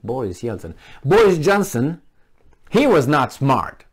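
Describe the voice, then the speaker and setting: Sarcastic man rambling with lively pitch. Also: unhurried, breathy edge. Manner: sarcastic, mocking, digressive. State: a little tipsy from wine. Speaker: political vlogger. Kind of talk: casual rambling commentary.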